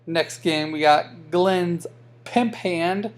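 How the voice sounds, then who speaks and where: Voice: medium pitch, extremely slow. A fantasy football league commissioner giving a casual weekly recap, joking and trash-talking the teams with lots of fillers.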